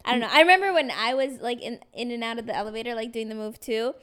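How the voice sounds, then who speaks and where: A woman in her twenties co-hosting a podcast, chatting in a relaxed, easygoing way. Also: a little high, quick pace, clean tone. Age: 20s. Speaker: podcast co-host. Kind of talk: casual chat.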